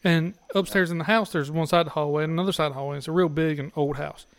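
A man's voice: on the high side, steady tone, rapid-fire, dry recording. A man, a podcast guest, telling crude stories in casual chat and often laughing as he talks.

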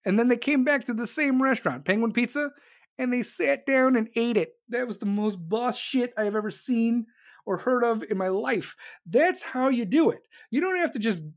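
An American host ranting about politics to viewers, blunt and sarcastic, with heavy swearing. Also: mid-range voice. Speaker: online show host. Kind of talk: profane political rant to viewers.

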